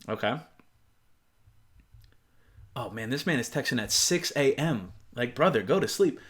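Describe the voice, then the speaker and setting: A man's voice: medium pitch, lively intonation, unhurried, a bit bright. A young man hosting a casual reaction video, incredulous and profane, often laughing as he comments. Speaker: video host reacting to online posts.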